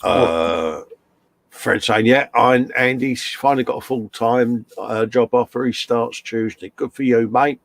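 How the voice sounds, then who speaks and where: Gravelly man chatting on a live stream. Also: medium pitch, measured pace, no room sound. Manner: chummy banter, reads chat messages aloud. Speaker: co-host of a live stream chat show. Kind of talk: casual live-stream chat reading out comments.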